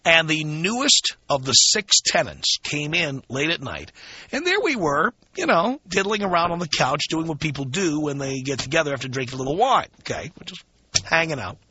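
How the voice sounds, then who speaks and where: A male talk radio host tells a blunt, emphatic story in a loose, conversational monologue. His voice is bright, tense and a bit higher than most men's. The broadcast sounds dull and lo-fi. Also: sing-song, normal speed, slight background noise.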